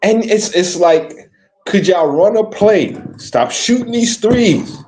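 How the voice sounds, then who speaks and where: A man hosting a podcast, talking about basketball in animated, profane casual banter with frequent restarts. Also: sits high, takes it slowly. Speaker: podcast host.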